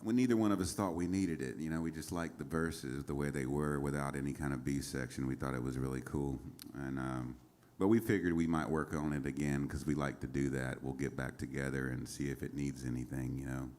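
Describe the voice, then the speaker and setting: A man's voice: rumbling low, steady tone, brisk, hardly any pauses, darkish tone. A man telling rambling stories between songs on a small concert stage, with many fillers and chuckles. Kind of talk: casual onstage storytelling.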